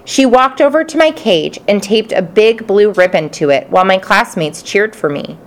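A woman narrating a children's storybook in the first person, expressive and playful. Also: medium pitch, moderate pace. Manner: expressive, playful character voices. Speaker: audiobook narrator.

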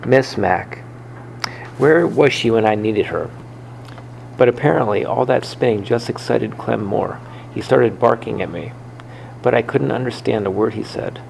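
A man reading a children's book aloud in first person, unhurried, with occasional slips and rereads. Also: mid-range voice, creaky, darkish tone, slight background noise, poor audio. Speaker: reader.

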